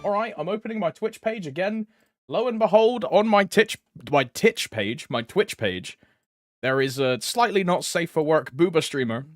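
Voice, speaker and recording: A man's voice: sits high, animated, normal speed, dry recording, studio quality, faint music behind. A young man streaming a game, greeting chat by name, with frequent laughs and slangy banter. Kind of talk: casual live-stream chat.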